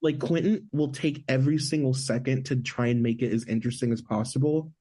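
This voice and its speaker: A man's voice: medium pitch, steady tone, brisk, dark tone. A man co-hosting a podcast, chatting loosely about a film and leaning on "like" a lot. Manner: chatty, heavy on filler "like". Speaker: podcast co-host. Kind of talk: casual movie review chat.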